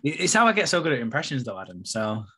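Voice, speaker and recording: A man's voice: mid-range voice, very animated, quick pace, bright, forceful tone, slightly rough. A man hosting a podcast, chatting with friends in a jokey way and laughing often. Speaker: podcast host. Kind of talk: casual chat among friends.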